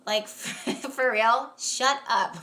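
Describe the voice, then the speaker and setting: A woman hosting a casual live astrology chat on a stream, talking chattily with lots of "like"s, quick laughs and emphatic rants. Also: fairly high pitch, bright, forceful tone. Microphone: phone or webcam on a live stream.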